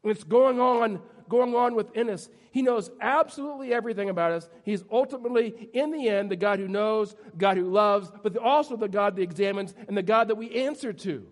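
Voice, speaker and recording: Male pastor, playful storytelling preacher, higher-pitched voice, long reverb from the room. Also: a little fast, hardly any pauses. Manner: humorous storytelling, self-deprecating. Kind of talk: sermon. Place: church sanctuary.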